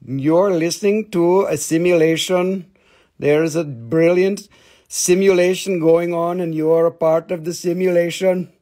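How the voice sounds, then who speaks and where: A man's voice: a little high, fairly even intonation, measured pace, mellow. A middle-aged man hosting a live crystal sales stream, rambling and joking as he shows the pieces. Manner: rambling, jokey, showing pieces up close.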